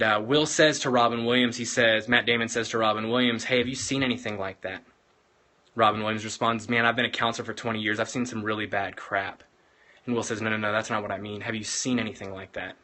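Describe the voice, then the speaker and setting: Earnest young man, bright voice. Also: mid-range voice. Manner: earnest, retells film scenes, many fillers like "man". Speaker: host of a weekly talk. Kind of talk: casual motivational talk.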